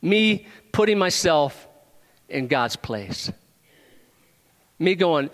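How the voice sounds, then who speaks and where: This male pastor's sermon is animated yet very slow, with frequent pauses as his voice rises into emphatic questions and he playfully calls out congregants by name. Somewhat high-pitched for a man, he's followed by a long hall reverb after every phrase.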